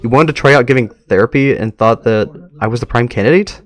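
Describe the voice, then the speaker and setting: A man's voice: medium pitch, fast talker, lightly acted. A man voicing a sarcastic, grumpy young man who mumbles dismissive replies, read aloud from a story.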